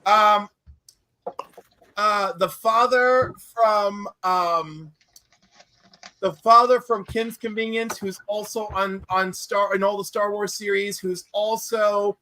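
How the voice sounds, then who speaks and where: A man chatting casually on a panel, telling lively stories and acting out what people said. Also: sits high, takes it slowly, a little hiss or hum. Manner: animated storyteller, acts out quoted voices. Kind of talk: casual chat.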